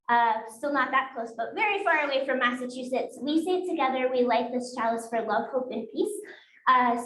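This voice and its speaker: A woman minister with a high voice leads worship in a church sanctuary, speaking slowly and deliberately as she invites the congregation in. Her voice rings around a roomy space, with a faint hum of noise behind it. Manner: slow, deliberate, inviting liturgical delivery. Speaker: guest minister. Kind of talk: leading a worship service.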